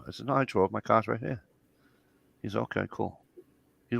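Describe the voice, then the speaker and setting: A middle-aged man with a very low, gravelly voice tells a profane story in casual talk. His delivery is animated, and his voice rises when he quotes people. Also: normal speed, pauses often, no room sound. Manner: profane, animated anecdote telling. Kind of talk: casual chat.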